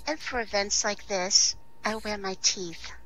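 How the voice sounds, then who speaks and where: A woman voicing an older male public speaker delivering a measured, wry icebreaker. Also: medium pitch, heavy background noise, close to an everyday voice. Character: old male public speaker, dry joker.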